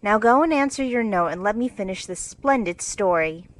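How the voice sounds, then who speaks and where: A woman's voice: mid-range voice, animated, moderate pace, lightly acted, rough recording. A woman voicing a careless, tomboyish teenage girl in a storybook reading, speaking bluntly and forthright.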